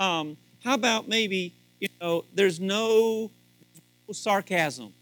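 A man in a high, bright voice gives a joking, folksy talk on marriage to a live audience, often restarting his sentences. Soft guitar music plays faintly under him. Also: slow, no room sound, poor audio. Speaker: church speaker on marriage. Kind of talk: humorous sermon to a live audience.

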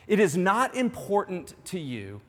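A man preaching a sermon in earnest, dropping to a hush on some lines and rising to emphasis on others. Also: sits high, sing-song, a little slow. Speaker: pastor. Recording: long hall reverb.

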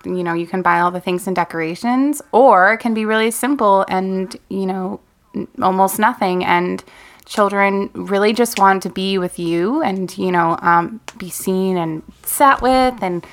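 A woman in her thirties co-hosting a podcast, speaking in a calm, measured, earnest way with a professional tone. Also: mid-range voice. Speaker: podcast co-host. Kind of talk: casual chat.

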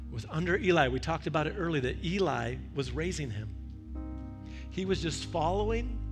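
A male pastor preaching a verse-by-verse sermon, telling stories and acting out the voices he quotes. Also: a little high. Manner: animated storytelling with quoted voices.

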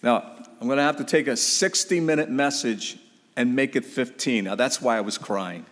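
A man's voice: mid-range voice, moderate pace, fairly bright tone, long reverb tail. A man preaching a sermon, emphatic and exhorting, with casual asides to the congregation. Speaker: pastor.

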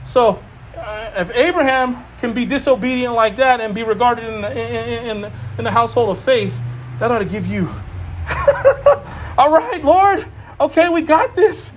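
A man preaching an informal sermon, animated and emphatic, repeating phrases and laughing often. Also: very high voice, moderate pace, slight background noise. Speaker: preacher teaching a Bible study.

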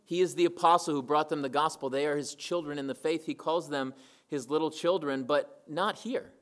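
A man's voice: a little high, fairly quick. A man preaching a sermon to his church, emphatic and repeating key phrases for weight. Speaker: pastor.

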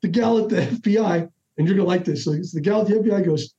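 Give me a high-pitched, mellow-voiced man telling stories on a podcast. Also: fast. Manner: animated, acts out dialogue with restarts. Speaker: podcast guest. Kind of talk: casual storytelling. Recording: dull lo-fi audio.

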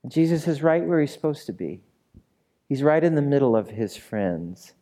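A man preaching a sermon who urges the congregation to respond and swings from loud, dramatic lines to hushed ones. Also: mid-range voice, big pitch swings, normal speed. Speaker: pastor.

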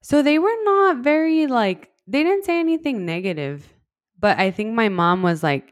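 A young West Texas woman tells her own story in a casual, chatty way, dropping "like" constantly and acting out what other people said. Her voice is fairly high with lively intonation at a normal speed, and the dry recording has studio quality.

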